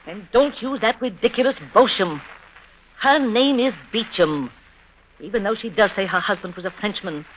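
An actress playing a bitter, sharp-tongued woman who mocks her family in an old radio drama. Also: medium pitch, moderate pace, natural voice. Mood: impatient. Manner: scornful and biting, sugary when coaxing. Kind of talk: 1930s radio drama acting. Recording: dull old radio recording with faint hiss.

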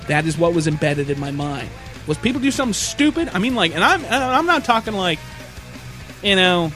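A man telling a rambling, profanity-heavy road rage story with animated asides, sounding a bit tired. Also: sits high, normal speed, faint music behind. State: tired, yawning.

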